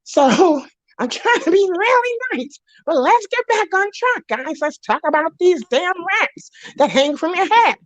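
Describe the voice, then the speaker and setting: A woman's voice: very high-pitched, sing-song, unhurried, no echo, low-quality recording. A young woman on a live stream, rambling in a giggly, worked-up rant. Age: young adult. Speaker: stream guest.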